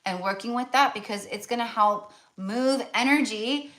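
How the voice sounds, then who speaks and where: A woman's voice: fairly high pitch, moderate pace, fairly bright tone. An American woman giving a casual tarot reading, chatty and full of fillers and restarts. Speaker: tarot reader.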